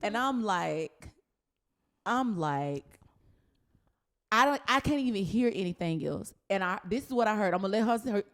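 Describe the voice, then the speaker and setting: A woman podcast host who tells a story with lively, animated delivery and breaks into laughter often. Her pitch sits in a middle register for a woman. She speaks in a casual, conversational way. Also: normal speed, long pauses. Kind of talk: casual chat.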